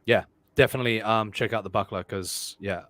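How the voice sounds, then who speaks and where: A man co-hosting a casual livestream, reading viewer comments aloud with loud joking banter and swearing. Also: on the low side, steady tone, brisk, dry recording. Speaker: livestream co-host.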